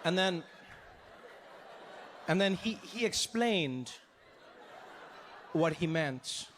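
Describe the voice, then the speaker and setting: A man from Africa telling a story on stage as a stand-up comedian, animated and acting out scenes. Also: high-pitched, extremely slow, a faint crowd, slight background noise.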